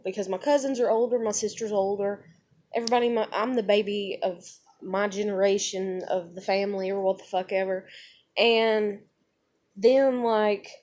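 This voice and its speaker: A young woman with a high voice and a drawl tells a story straight to camera. She talks bluntly and casually, swears freely and fills her sentences with "like" and "you know.". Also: a little mellow. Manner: blunt, heavy swearing, many fillers. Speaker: vlogger.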